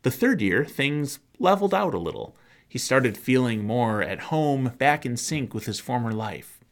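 A male pastor delivering a sermon, telling a story in dramatic, rhythmic phrases that often drop to a hush. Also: medium pitch, very animated, moderate pace. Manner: dramatic, rhythmic storytelling with soft hushed passages.

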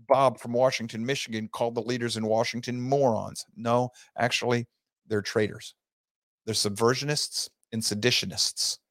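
A man hosting an opinionated talk show. He reads news aloud and breaks into heated, loud rants. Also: medium pitch, no echo, studio quality. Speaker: host.

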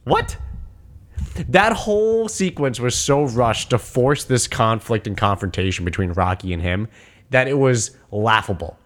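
Animated man recapping with lively pitch. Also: moderate pace. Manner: animated storytelling, acting out quotes in voices, laughing often; profane, slangy. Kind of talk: casual movie recap chat.

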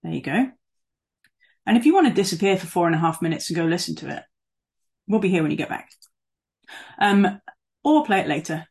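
A woman praying and then preaching over a video call, gentle and measured in prayer, casual in her asides. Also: on the low side, very animated, vocal fry, breathy edge. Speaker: guest speaker.

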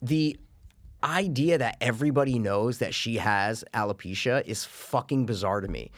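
A man's voice: medium pitch, normal speed, no room sound. A man co-hosting a podcast in casual chat, ranting with animation and swearing freely. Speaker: podcast co-host.

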